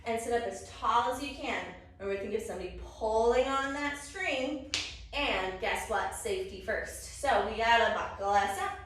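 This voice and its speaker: Young woman teaching kids yoga, high lively voice, super echoey room. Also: normal speed, a little hiss or hum. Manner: upbeat, encouraging, sing-song with sound effects. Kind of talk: children's yoga story time. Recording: echoey room, distant mic.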